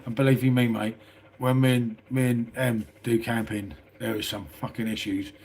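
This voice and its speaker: A middle-aged man with a southern English accent, chatting loosely on a live stream from indoors. His voice is husky and sits at an ordinary pitch, and he fills his talk with "mate" and plenty of swearing. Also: little pitch movement, normal speed, darkish tone. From England. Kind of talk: casual live stream chat. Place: small house indoors.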